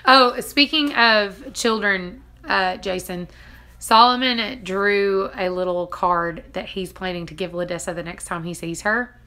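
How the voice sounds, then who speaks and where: Bright-voiced chatty woman vlogger. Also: mid-range voice, unhurried. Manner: chatty storytelling, acting out quotes, frequent laughs. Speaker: vlogger and mother. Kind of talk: casual chat.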